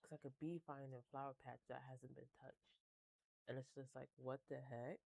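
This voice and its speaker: Casual tarot reader, rambling and chatty, dark mellow tone, dry close sound. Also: medium pitch, flat delivery, fairly quick, creaky, no room sound, rough recording. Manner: rambling, chatty, with frequent laughs and casual swearing. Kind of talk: casual tarot reading to camera.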